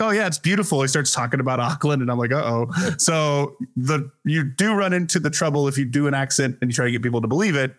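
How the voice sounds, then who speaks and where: A man's voice: medium pitch, fairly bright tone. A man guest on a podcast, telling stories in casual chat, rambling with many fillers. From Denver area. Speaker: improv performer guest.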